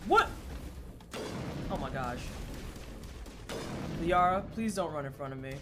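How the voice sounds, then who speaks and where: A livestreamer casually commenting on a game, swearing and joking, swinging between low mutters and loud outbursts. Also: normal speed, over music. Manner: animated, swears a lot, jokes and laughs. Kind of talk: casual gaming stream commentary.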